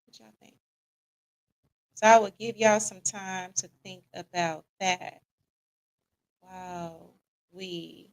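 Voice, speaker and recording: Chatty woman host with a gravelly edge. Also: medium pitch, slow pace, pauses often, fairly bright tone, rough recording. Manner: casual and conversational, often asks the audience "what y'all think"; reads audience comments aloud and laughs along. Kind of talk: live-stream chat with an audience.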